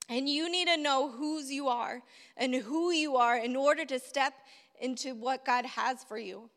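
A woman's voice: high-pitched, unhurried, a bit bright. A woman preacher giving a sermon, telling a story with rhetorical questions and repeating key phrases for emphasis. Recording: long hall reverb.

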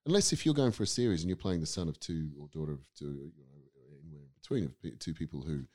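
Middle-aged male guest with a very low voice, reflective and rambling in casual talk. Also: lively intonation, fast, darkish tone. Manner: thoughtful, rambling with restarts. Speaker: guest, acting teacher. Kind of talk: casual podcast conversation.

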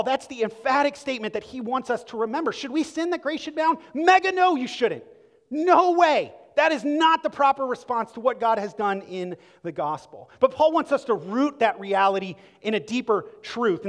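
A man's voice: sits high, a bit bright, big-room sound. A man preaching a sermon, conversational and emphatic, with rhetorical questions and asides to the congregation. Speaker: pastor.

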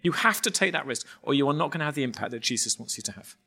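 A man, a pastor, preaching with lively stories and acting out voices. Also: medium pitch, racing, creaky, breathy edge. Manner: animated, acts out voices in anecdotes. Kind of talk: sermon with storytelling.

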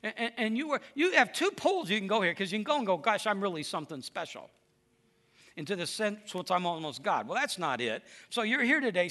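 A man preaching a lively, emphatic sermon to a congregation. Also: high-pitched. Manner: lively storytelling, animated and emphatic.

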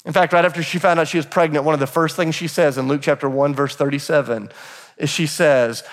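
Emphatic pastor in a reverberant church. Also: male voice, a little high, steady tone, fairly quick. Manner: emphatic, repeats phrases when building a point. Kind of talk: sermon. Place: church sanctuary. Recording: long hall reverb.

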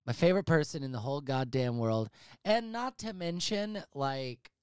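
A man's voice: mid-range voice, animated, moderate pace, clean tone, dry recording, studio quality. A man hosting a casual comedy movie podcast from a home office, talking in a profane, hyperbolic, rambling way. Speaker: podcast host.

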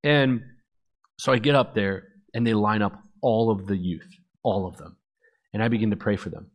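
Animated man telling his testimony. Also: on the low side, moderate pace. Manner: animated storyteller acting out dialogue. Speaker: speaker giving testimony. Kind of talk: personal testimony talk.

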